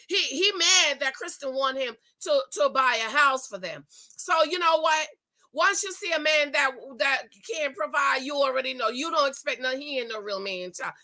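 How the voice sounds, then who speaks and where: A woman's voice: high voice, sharp tone. A woman, doing a sassy, emphatic recap commentary that calls the viewer "girl.". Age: 40s. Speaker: reality TV recap host. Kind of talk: casual commentary, talking to camera.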